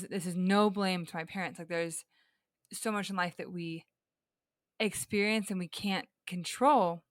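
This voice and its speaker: A woman's voice: lowish voice, a bit bright, no echo, clean studio sound. A young woman talking earnestly and reflectively in a casual podcast conversation, with frequent fillers and restarts.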